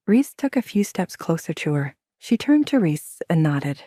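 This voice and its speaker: A woman with a notably low voice reads a romance story in a measured, even way. The sound is very close and dry, with no room echo at all. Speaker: audiobook narrator. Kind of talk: scripted narration.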